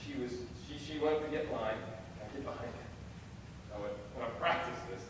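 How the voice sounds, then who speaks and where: A man's voice: medium pitch, a little fast, recorded from a distance, background noise. Self-mocking young man in an echoey hall. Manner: animated, self-deprecating storytelling. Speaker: chapel speaker. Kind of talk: storytelling chapel talk. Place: large hall.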